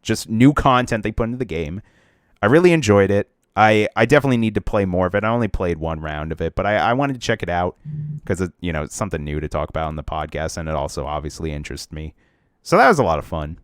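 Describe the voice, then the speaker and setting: Low-voiced rambling podcast guy. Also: animated, fast talker, clear, resonant tone, no echo, studio quality. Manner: rambling, many "like" fillers and restarts. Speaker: podcast co-host. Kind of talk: casual chat about video games.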